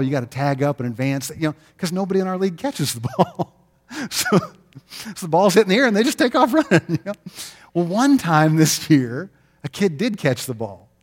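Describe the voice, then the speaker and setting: A middle-aged man preaching a sermon, telling stories in an animated way and acting out the quotes with laughter. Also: on the high side. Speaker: pastor.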